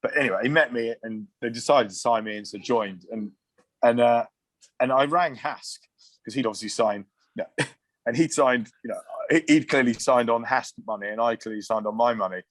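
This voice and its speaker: A man in his thirties telling loose, animated rugby stories in casual podcast chat. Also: medium pitch, moderate pace, no room sound. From England. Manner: animated, swearing anecdotes with asides and restarts. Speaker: guest, former rugby player.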